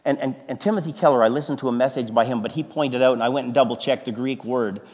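Pastor guy preaching, lots of restarts and sudden loud bursts, mid-pitched voice, big echoey church hall. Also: quick pace. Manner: animated, emphatic, with restarts and sudden loud exclamations. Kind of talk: sermon. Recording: long reverb of a large hall.

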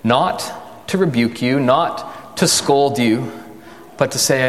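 A man preaching a sermon in a conversational way, asking the listeners questions and slowing down for emphasis. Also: mid-range voice, in a large hall. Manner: conversational, rhetorical questions, dramatic slow emphasis.

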